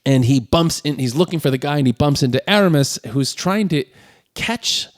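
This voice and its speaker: A man's voice: fairly high pitch, lively intonation, moderate pace, no echo, studio quality. A man co-hosting a casual movie podcast, recapping scenes and acting out the characters' lines as he goes. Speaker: podcast co-host.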